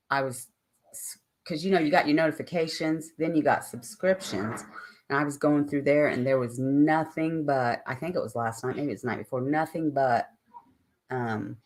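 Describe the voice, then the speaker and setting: On a live stream, an older woman with a deep voice chats with her viewers in a casual, rambling way, responding to their comments as she goes.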